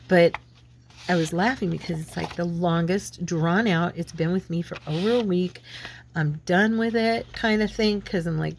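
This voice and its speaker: A woman's voice: fairly low pitch, creaky, a little hiss or hum. A woman with a lingering head cold, chatting casually and rambling as she works on a craft project. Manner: chatty, rambling, self-deprecating. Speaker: craft channel host.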